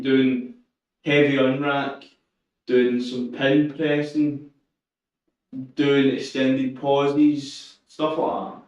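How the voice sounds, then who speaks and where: A man chatting casually during a live stream while he trains, relaxed and swearing now and then. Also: medium pitch. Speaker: streamer training for a powerlifting meet. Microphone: shotgun mic through a camera, away from him. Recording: echoey, distant, muffled lo-fi mic.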